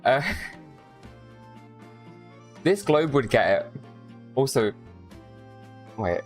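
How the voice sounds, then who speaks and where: A woman's voice: very deep voice, sing-song, extremely slow, soft background music. A woman streaming a video game, chatting casually and rambling with her viewers, often swearing. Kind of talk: casual live-stream chat.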